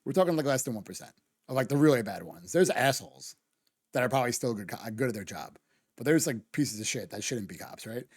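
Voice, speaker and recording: A man in a casual stream, arguing his point in a heated, profane rant that keeps stopping and restarting itself. His voice sits at an ordinary middle pitch, and it is recorded close and dry with no room sound. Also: animated, quick pace, husky, no echo. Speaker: streamer reacting to a true-crime video. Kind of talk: casual ranting stream commentary.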